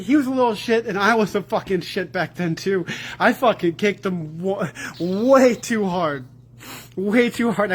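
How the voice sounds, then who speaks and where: A man crying while he talks in an emotional confessional video, rambling and swearing as his voice breaks. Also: high voice.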